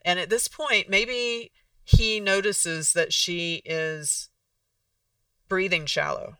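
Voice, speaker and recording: A casual podcast host with a gravelly, bright voice, explaining things conversationally and acting out little example exchanges. The sound is dry, picked up from a bit away from the microphone. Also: medium pitch, steady tone, slow, no room sound, far from the mic. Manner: conversational, restarts sentences, acts out example dialogues.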